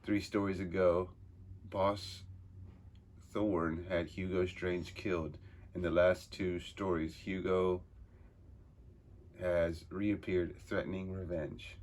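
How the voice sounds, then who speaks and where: A man's voice: low-pitched, little pitch movement, takes it slowly, pauses often, a little mellow. A man casually reading a comic book aloud, with laid-back, rambling asides. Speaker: comic reader.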